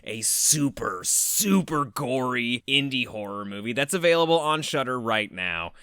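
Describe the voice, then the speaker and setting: A man's voice: medium pitch, expressive, pushed and bright, clear, resonant tone, no echo, clean studio sound. A Canadian man co-hosting a podcast, chatting casually and jokily. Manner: jokey, upbeat, quick asides. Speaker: podcast co-host.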